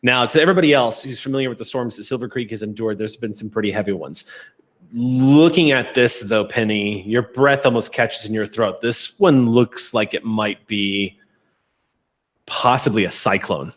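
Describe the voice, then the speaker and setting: Man narrating as game master. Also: mid-range voice. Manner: descriptive, unhurried narration with rules checks.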